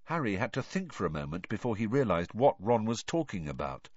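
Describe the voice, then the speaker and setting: Low, animated male audiobook narrator; dry, dull lo-fi recording. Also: fairly quick, hardly any pauses, no room sound. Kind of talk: storybook narration.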